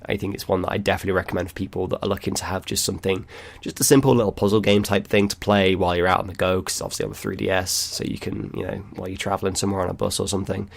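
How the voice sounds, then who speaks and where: A man's voice: deep voice, creaky. A man hosting a casual gaming discussion, rambling loosely with lots of fillers and small chuckles. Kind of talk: casual chat.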